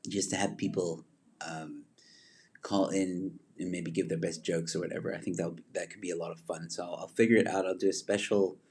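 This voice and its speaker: Low-voiced man chatting on a livestream. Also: creaky, a little mellow, a little hiss or hum. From Zimbabwe. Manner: rambling, many fillers and restarts. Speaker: livestream host. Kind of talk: casual livestream chat reading viewer comments.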